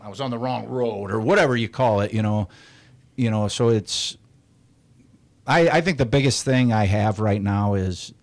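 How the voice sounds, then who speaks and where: A man's voice: on the low side, darkish tone, no echo. A man in his forties talking candidly as a podcast guest, blunt and profane but reflective about emotions. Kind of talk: candid casual chat.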